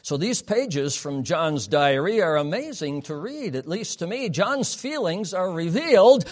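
A man preaching a sermon, swinging from loud emphatic peaks down to soft, quiet asides. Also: sits high, very animated, unhurried, hardly any pauses. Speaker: pastor.

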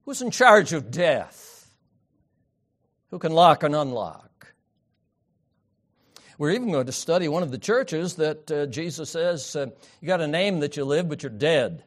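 A man preaching a sermon, swinging from loud emphatic peaks down to soft, quiet asides. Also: on the high side, sing-song, measured pace, pauses often. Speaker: pastor.

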